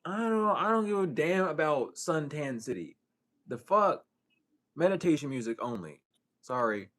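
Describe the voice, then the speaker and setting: With an expressive, fairly bright voice at a moderate pace, a man offers a casual spiritual reading full of rhetorical questions, profane and streetwise. He moves from mumbling low to exclaiming high.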